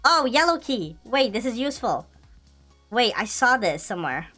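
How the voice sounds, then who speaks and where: A woman giving excitable gameplay commentary, laughing, pleading and shouting as she plays. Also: fairly high pitch, moderate pace, faint music behind. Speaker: gaming video creator.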